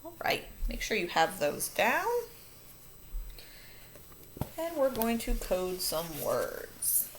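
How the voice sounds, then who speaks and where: A woman's voice: medium pitch, wildly swooping pitch, slow pace, a little hiss or hum. A woman teacher walking children through a phonics lesson, upbeat and patient, catching and fixing her own slips. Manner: upbeat, patient, self-correcting.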